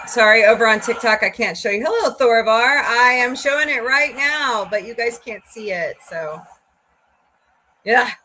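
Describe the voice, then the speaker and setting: A woman's voice: on the high side, normal speed, pushed and bright, a little hiss or hum. A woman hosting a casual livestream, chatting in a rambling way, sniffly, and greeting viewers by name. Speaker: livestream host.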